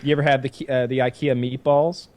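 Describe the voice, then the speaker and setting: A man's voice: medium pitch, flat delivery, fast, darkish tone. A man hosting a podcast, ranting about his frustrations in a casual, rambling way with lots of swearing. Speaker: podcast host. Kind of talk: casual chat.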